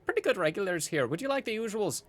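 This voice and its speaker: Brief: bubbly tavern keeper, high and lively, voiced by a man. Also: fast talker, heavily acted. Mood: cheerful. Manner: bubbly and eager, says "aye" and "brilliant". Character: cheerful, chatty male tavern keeper.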